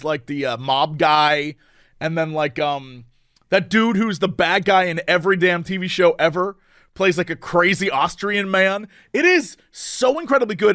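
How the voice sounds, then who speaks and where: High-voiced excitable man podcasting. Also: no room sound, studio quality. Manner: excitable, rambling, with frequent fillers. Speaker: podcast co-host. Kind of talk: casual chat.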